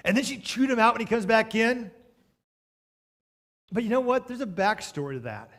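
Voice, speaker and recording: A man preaching a storytelling sermon, swinging between loud bursts and hushed moments, with joking asides to the congregation. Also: extremely high pitch, animated, normal speed.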